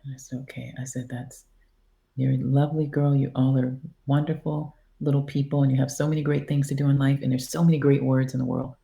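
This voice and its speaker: A woman's voice: very deep voice, a little fast, gravelly. A woman guest on a podcast, casually telling a story and acting out the dialogue. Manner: animated, acts out quoted dialogue. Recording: roomy echo.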